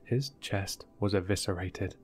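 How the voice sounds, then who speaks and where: Slow, low-voiced male horror narrator. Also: steady tone, darkish tone, a little hiss or hum.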